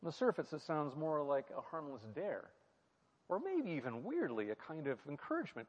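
A man's voice: a little high, sing-song, normal speed. A man preaching and teaching through a Bible passage, reflective, asking his listeners questions and repeating key phrases. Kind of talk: sermon-style Bible teaching. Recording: muffled sound with a long hall reverb.

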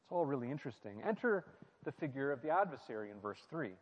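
Fast and very animated, a man with a mid-range voice teaches a Bible passage sermon-style, reflecting, questioning his listeners, and repeating key phrases. The muffled recording has a long hall reverb plus a little hiss or hum.

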